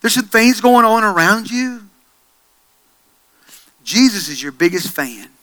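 A middle-aged male pastor preaches unhurriedly in a voice that sits high, moving from hushed storytelling to loud, excited passages.

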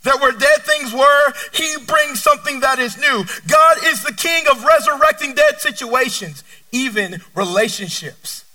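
A man in his thirties delivers a sermon in a strikingly high, piercing and bright voice. He swings between loud, emphatic lines and hushed ones. He sounds a little distant from the microphone. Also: wildly swooping pitch, measured pace, few pauses. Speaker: pastor. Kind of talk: sermon with personal story.

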